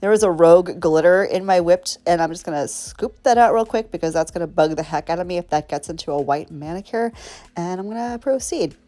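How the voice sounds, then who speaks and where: A woman talks straight to her viewers while walking through a nail tutorial, bubbly and rambling. She's a nail art creator whose mellow voice sits on the low side and moves at a brisk clip.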